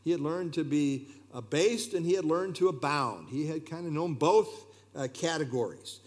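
A man's voice: on the high side, lively intonation, moderate pace. A man preaching a sermon emphatically and repeating his key phrases.

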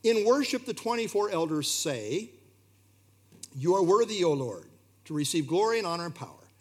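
A man's voice: high voice, very animated, moderate pace, a little mellow, breathy edge. A man preaching a sermon in an earnest, emphatic way, his delivery rising and falling. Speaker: pastor.

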